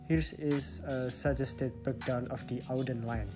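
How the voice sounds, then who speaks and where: A man's voice: medium pitch, measured pace, few pauses, over music. A young man with an Indonesian accent, a student presenting a stylistics lesson and explaining it step by step. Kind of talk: reading a class presentation.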